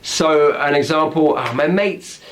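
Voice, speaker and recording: Man, British accent, slightly higher voice, upbeat, explanatory, teaching slang, often asks "right?". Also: measured pace. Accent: British English. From Britain. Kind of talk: explaining slang words with examples.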